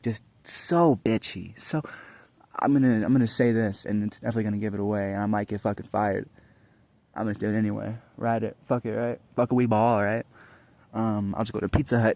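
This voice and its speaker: A young man talks straight into the camera in a loose, rambling rant, swearing freely and tripping over his restarts. His voice sits low, and the sound is dry and close with no room around it. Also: darkish tone, dry recording. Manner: profane, rambling, frequent restarts. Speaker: vlogger. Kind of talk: casual rambling monologue.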